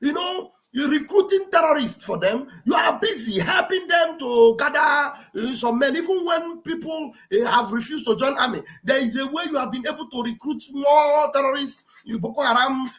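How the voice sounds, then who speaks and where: A woman gives mocking, exclamatory commentary on a livestream. Her voice sits high and swoops all over. She repeats phrases for effect and acts out what others say. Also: animated, moderate pace, few pauses, fairly bright tone. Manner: acts out quoted speech with theatrical delivery.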